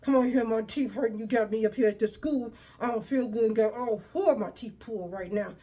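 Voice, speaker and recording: A woman's voice: on the high side, a little fast, dark tone, lightly acted. A woman voicing a grumpy grown woman who poses as a mother, curt and impatient and claiming her mouth is sore.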